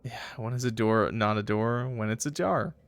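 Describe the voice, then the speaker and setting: Streaming a game, a man of medium pitch and normal speed reads its text aloud in first person. Between lines he offers live commentary, turning to his chat with jokes.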